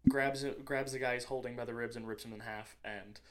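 A man co-hosting a casual podcast, recapping his tabletop game as game master, eager and quick to agree. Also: medium pitch, fairly even intonation, fairly bright tone, slight background noise. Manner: affirming, recaps story eagerly.

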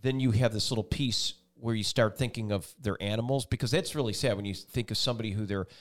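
Hosting a casual interview show, a man rambles enthusiastically and keeps restarting his questions. He talks quickly in a fairly low voice.

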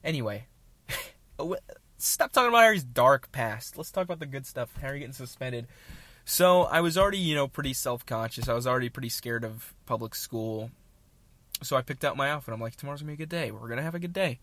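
A man's voice: mid-range voice, fast, a bit bright, dry recording. Self-mocking young man telling a story. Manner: rambling, self-mocking, jokey asides. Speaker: podcast host. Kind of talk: casual storytelling monologue.

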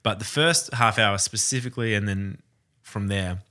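A man's voice: lowish voice, moderate pace, bright, forceful tone. A man co-hosting a film podcast in casual chat, joking and opinionated. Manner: joking, opinionated, acts out quoted voices. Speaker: podcast co-host.

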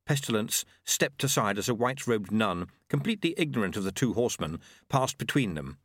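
Guy reading an audiobook, lively up-and-down delivery, dry close sound. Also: fairly low pitch, fairly quick, few pauses, dry recording. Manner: expressive storytelling. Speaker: audiobook narrator. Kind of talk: scripted narration.

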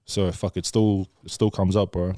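In a low, mellow voice with a level tone and moderate pace, a young man swaps candid life stories as a guest on a podcast. He curses plenty and calls everyone bro. The studio-quality recording has no echo.

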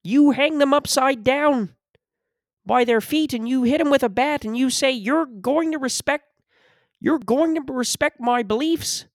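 A man doing an impression of a stern older lecturer, preaching with slow, drawn-out emphasis. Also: very high voice, dry recording, clean studio sound, pitched above the performer's own voice. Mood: lecturing.

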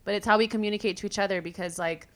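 A young woman from California hosts a casual podcast chat. She tells stories in an animated, filler-heavy way and swears freely. Her voice sits at an ordinary middle pitch. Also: racing. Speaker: podcast host.

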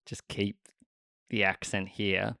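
Animated interviewer from Australia, casual and laughing, with a dry sound. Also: sits low, creaky, dry recording. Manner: animated, laughs, halting restarts.

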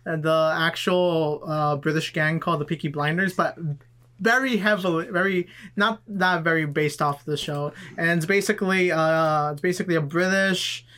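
A young man co-hosts a casual in-person podcast with his friends. His voice sits a little high for a man. He swears freely and rambles loosely when he explains things. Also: fairly even intonation, moderate pace, sharp tone. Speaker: podcast co-host. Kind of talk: casual chat. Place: in-person studio session with friends.

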